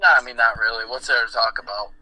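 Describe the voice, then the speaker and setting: A man's voice: mid-range voice, fairly even intonation, quick pace, pushed and bright, rough recording. A man co-hosting a podcast, chatting casually, swearing freely and telling stories. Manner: profane, storytelling, acts out quoted voices. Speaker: podcast co-host. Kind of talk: casual chat.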